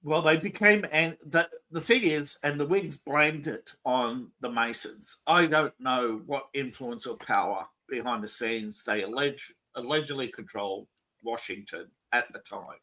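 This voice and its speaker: A man's voice: medium pitch, unhurried, sharp tone, rough recording. A man hosting a casual political talk show, rambling and opinionated, with frequent restarts. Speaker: podcast host.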